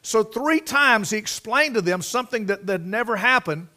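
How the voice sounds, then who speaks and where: High-voiced preacher. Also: male voice, lively intonation, moderate pace, bright, forceful tone. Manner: folksy storytelling, reading scripture aloud with emphasis. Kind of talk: sermon.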